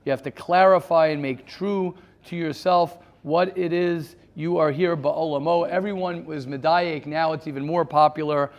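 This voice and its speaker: A man's voice: a little high, steady tone, normal speed, hardly any pauses. A man leading an interactive study class, often restarting his sentences and mixing in Hebrew terms. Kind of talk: interactive lecture.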